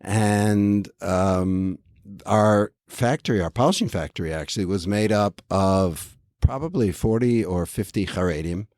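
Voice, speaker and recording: A man in his seventies with a low voice and a measured, reflective way of telling stories. He has a dry sense of humor, and his voice is recorded close in a dead, echo-free studio. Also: a little mellow. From United States. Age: 70s. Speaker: guest, diamond company head. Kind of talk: casual interview talk.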